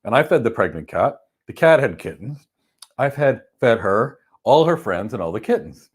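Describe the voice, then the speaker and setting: A man giving a motivational talk on stress, telling stories with emphatic bursts that drop to soft, calm lines. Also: mid-range voice, moderate pace, breathy edge. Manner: animated storyteller, swings from loud emphasis to soft calm. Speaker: host. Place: lives in Florida.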